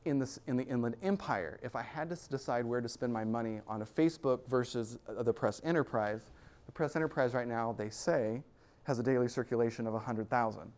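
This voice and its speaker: A man's voice: medium pitch, brisk. Joking man giving a talk. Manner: energetic and joking, laughs between points. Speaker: guest speaker at an investor club. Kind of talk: live presentation to an audience.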